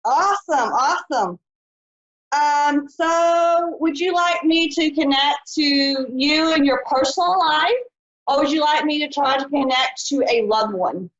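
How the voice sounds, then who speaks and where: Woman psychic host, high and chatty, muffled live-stream sound. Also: a little slow, fairly bright tone. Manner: chatty, folksy, says honey and y'all. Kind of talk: live-stream call-in show.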